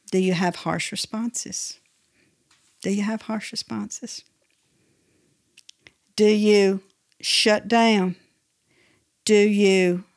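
A woman hosting a faith-based teaching podcast, speaking emphatically and repeating her key phrases. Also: on the high side. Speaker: podcast host and Christian speaker.

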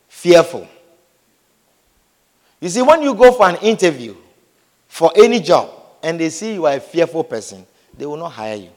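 High-voiced man preaching, super animated, jokey, acts out little scenes, lots of echo from the hall. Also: normal speed, pauses often. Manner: lively, humorous, acts out scenes, repeats phrases, often asks "Do you understand?". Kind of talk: sermon. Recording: long hall reverb.

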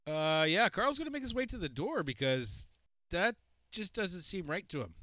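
Man, tabletop player, fairly high voice, hesitant, dry close recording. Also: very animated, normal speed, pushed and bright, no echo.

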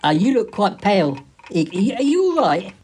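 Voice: medium pitch, sing-song, fairly quick, darkish tone, slight background noise, natural voice. A performer voicing a kindly friend who is hesitant and easily startled. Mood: concerned.

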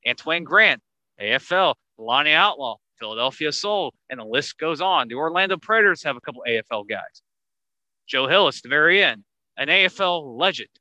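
A man hosting a casual sports podcast, talking in an animated way that gets higher when he drives a point home. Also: normal speed, dry recording, poor audio. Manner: animated, rising pitch when making a point. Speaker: podcast host.

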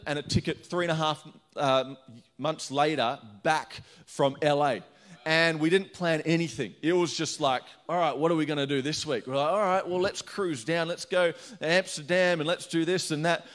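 A middle-aged man from Australia preaching a sermon, energetic and chatty, telling stories with laughs. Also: on the high side, normal speed. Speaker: pastor.

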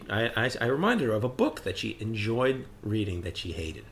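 A podcast co-host, an animated man with a voice on the low side, tells funny stories in a casual chat at a moderate pace. He acts out quotes and laughs often, with slight background noise present.

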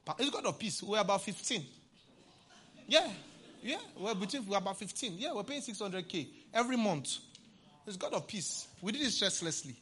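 A male pastor preaching a sermon, playful, often laughing and breaking into shouts. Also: sits high, lively intonation, normal speed.

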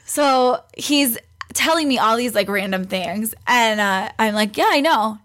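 Young pregnant woman, bit high voice, chatty, does little voices for people in her story. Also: lively intonation, measured pace, fairly bright tone. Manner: chatty, acts out quoted voices, laughs often. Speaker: guest. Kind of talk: casual storytelling.

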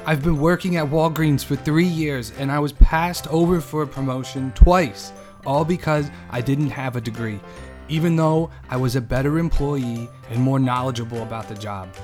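A man's voice: mid-range voice, close to an everyday voice. A man voicing an eager customer and announcer in a mock radio commercial, with an earnest, salesy delivery over a faint music bed. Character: eager male customer and announcer in a spoof degree ad.

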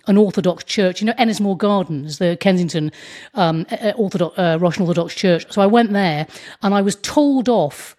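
A woman, a comedian, chatting as an interview guest, telling animated stories and slipping into put-on voices. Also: mid-range voice, normal speed. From England. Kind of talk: casual interview chat.

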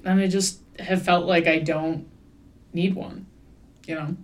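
A woman's voice: lowish voice, fairly even intonation, unhurried. Wry, rambling woman with a Midwestern lilt. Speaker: podcast host. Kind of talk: casual chat.

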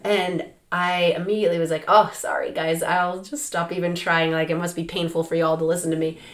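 A woman with a hoarse, raspy voice from losing it, hosting a podcast in a chatty way with frequent laughs and fillers. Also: lowish voice, flat delivery, a little fast. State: hoarse, lost voice. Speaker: podcast host and coach. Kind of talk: casual podcast monologue. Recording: roomy echo.

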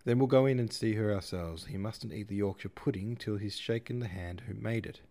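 A man's voice: on the low side, fairly quick, vocal fry, dark tone. A man doing a grandiose, talkative father. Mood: expansive. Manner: grand, theatrical and opinionated. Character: flamboyant middle-aged man, a proud and talkative father. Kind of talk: audiobook character voice.

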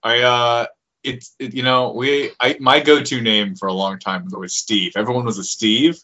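Wry male improviser, bright voice. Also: medium pitch, steady tone, moderate pace. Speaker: podcast co-host, improviser. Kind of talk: casual comedic chat. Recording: slightly dull lo-fi recording.

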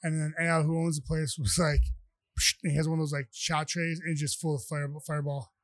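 Man, rambling storyteller, restarts a lot, fast talker, slightly high voice. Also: flat delivery, no room sound. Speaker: guest. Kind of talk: casual storytelling.

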